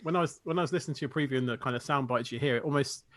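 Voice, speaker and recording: A man's voice: mid-range voice, very fast, fairly bright tone, dry recording, clean studio sound. Agreeable man chiming in. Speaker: podcast co-host. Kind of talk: casual chat.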